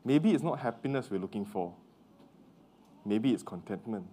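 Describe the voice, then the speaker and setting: A man's voice: fairly low pitch, expressive, moderate pace, warm tone, husky. A man whose first language is Mandarin, preaching a sermon in a conversational way and often checking in with the congregation with questions.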